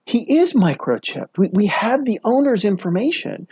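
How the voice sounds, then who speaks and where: A woman's voice: medium pitch, sing-song, normal speed, warm tone, husky, no room sound, studio quality, voice pushed up. A man voicing a kind female shelter worker who speaks effusively and gratefully, as part of a story he tells.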